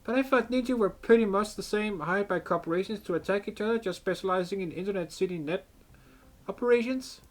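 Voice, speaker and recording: A man's voice: high voice, brisk, voice pushed up, close to an everyday voice. Man voicing a nervous young idol girl. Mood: anxious. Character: young female idol, earnest and flustered. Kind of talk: fan voice reading of game dialogue.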